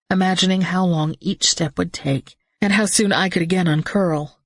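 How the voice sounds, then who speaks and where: A woman reading a first-person audiobook in a steady storytelling manner. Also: gravelly, dry recording, studio quality. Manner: steady storytelling, voices characters with small pitch shifts. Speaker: audiobook narrator.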